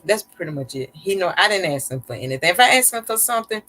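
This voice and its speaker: A woman's voice: fairly low pitch, expressive, fast, sharp tone. A woman hosting a live stream, telling viewers about her life in a candid, conversational way with a slightly sarcastic, slick edge and loose, repetitive phrasing. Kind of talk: casual personal storytelling to viewers.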